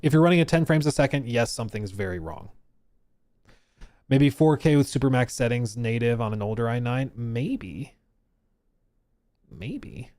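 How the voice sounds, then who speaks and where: A man's voice: mid-range voice, brisk, a little mellow, no room sound, clean studio sound. A man from Colorado chatting casually on a live stream, answering chat questions and joking as he goes. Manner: chatty, reads chat aloud, explains and jokes.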